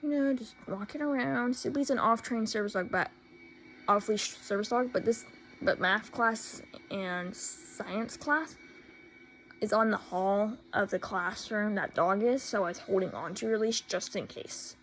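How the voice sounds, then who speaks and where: Indignant teen girl with a gravelly voice. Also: mid-range voice, a little slow, fairly bright tone, a little hiss or hum, rough recording. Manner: indignant, sarcastic, repeats herself for emphasis. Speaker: vlogger. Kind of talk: storytime rant.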